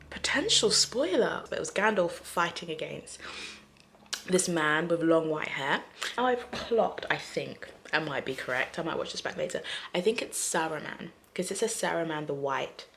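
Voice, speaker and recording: A woman talking through her reactions to a book in a casual vlog, excitable and chatty, with gasps and whispered asides. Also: low voice, moderate pace, gravelly, slight background noise. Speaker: book vlogger.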